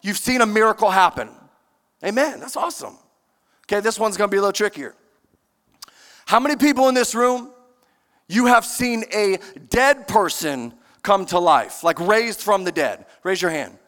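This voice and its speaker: A man preaching a sermon in a large church, emphatic and animated, questioning the congregation. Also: high voice, normal speed. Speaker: pastor. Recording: long church-hall reverb.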